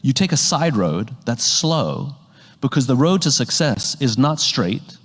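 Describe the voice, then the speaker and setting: A man's voice: medium pitch, big pitch swings, a little slow, fairly bright tone. A man giving a talk on leadership, explaining his points through everyday analogies. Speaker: leadership speaker. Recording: long hall reverb.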